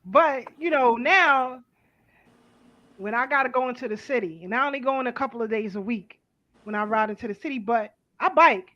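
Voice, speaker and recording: A middle-aged woman, hosting a casual panel talk, blunt and animated, swearing freely. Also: a little high, moderate pace, dull audio. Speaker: host.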